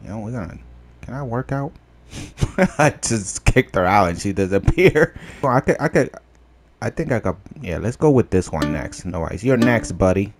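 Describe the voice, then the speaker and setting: Excitable gravelly man commenting on gameplay. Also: moderate pace. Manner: excitable, laughs often, shouts in high-pitched disbelief. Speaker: gameplay video host.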